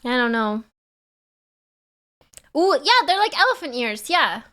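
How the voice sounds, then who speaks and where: A woman's voice: high voice, big pitch swings, measured pace, pushed and bright. A woman streamer with a Canadian accent, chatting playfully with her viewers and laughing often. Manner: playful, giggly, talks back to chat. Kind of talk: casual live-stream chat with viewers.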